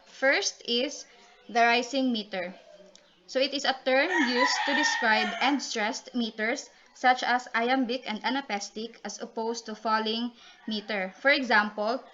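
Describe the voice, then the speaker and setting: Reading definitions for a class report, this woman speaks a little slowly in a steady, slightly high voice, often pausing on ums and starting over. She's a student reporter, captured on a dull lo-fi recording buried in loud noise.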